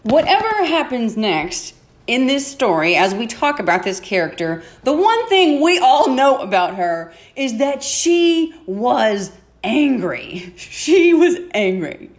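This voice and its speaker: A woman hosts a podcast and retells a Bible story with playful drama, slipping into the characters' voices and laughing at her own asides. Her pitch swings widely and her delivery stays animated throughout. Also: slow pace. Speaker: podcast host.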